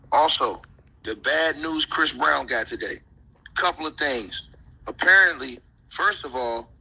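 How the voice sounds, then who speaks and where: A man's voice: on the high side, sharp tone, husky, rough recording. A man on a live stream reading news reports aloud and riffing on them in slang. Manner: reads reports aloud then riffs in slang.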